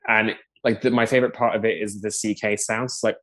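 A man's voice: fairly low pitch, level tone, a little fast, fairly bright tone. A man with a posh London accent, a podcast guest chatting casually and gossiping with many fillers. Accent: posh London English. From England. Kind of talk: casual chat.

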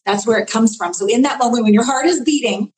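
A woman's voice: a little high, fast, darkish tone. Earnest woman coaching with a roomy echo. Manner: earnest, coaching, emphatic repetition. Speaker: relationship coach guest. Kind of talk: advice-giving conversation.

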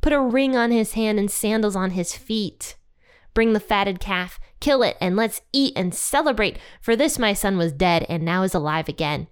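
A woman voicing a joyful father giving orders for a celebration in a retold parable, her clear voice raised higher. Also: expressive, normal speed, lightly acted. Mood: jubilant. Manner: commanding, celebratory. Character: joyful forgiving father, older man.

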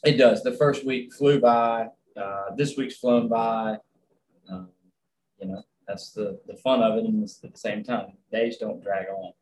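Fairly low-voiced male guest, relaxed and easygoing, sits off-mic. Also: a little slow, low-quality recording. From England. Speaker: podcast guest, dog trainer. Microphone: set a bit back from the mic.

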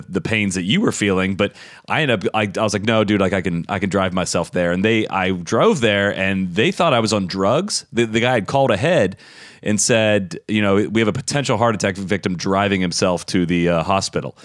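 A man with a fairly low voice hosts a podcast interview and chats in a relaxed way. The sound is dry and close, with no room echo. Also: brisk. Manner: relaxed, conversational, with fillers. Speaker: podcast host. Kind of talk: casual interview chat.

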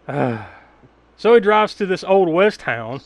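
A man's voice: high voice, big pitch swings, takes it slowly, no room sound. A man recapping a movie in casual chat, rambling, laughing often and swearing freely. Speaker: podcast co-host.

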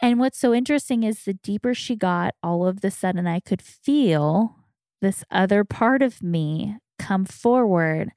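A woman in her thirties hosts a podcast, sharing her own story in a candid, reflective, casual chat. Her medium-pitched voice is a little slow and a little mellow, with a clean tone in a dry, studio-quality recording.

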